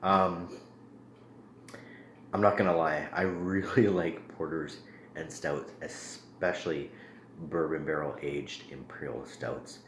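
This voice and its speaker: Very deep-voiced man reviewing a beer. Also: takes it slowly. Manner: relaxed and rambling, many ums and uhs. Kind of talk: casual beer review vlog. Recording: echoey room with faint ambient noise.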